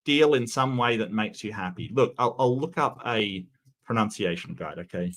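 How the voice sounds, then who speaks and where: An Australian man hosting a casual livestream commentary, easygoing and halting, often stammering and repeating words. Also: on the low side, lively intonation, fairly bright tone. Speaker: commentary host.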